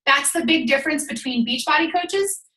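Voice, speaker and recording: A woman's voice: high voice, animated, normal speed, bright, forceful tone, echoey room, poor audio. A woman fitness coach giving an emphatic motivational talk on a video call, a little out of breath. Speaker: guest speaker, fitness coach.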